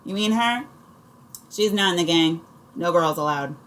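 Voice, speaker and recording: A brash boy in an audiobook who argues with everyone, as a woman reads him. His lines are pitched above her low natural voice. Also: unhurried, a bit bright, slight background noise. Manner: argumentative.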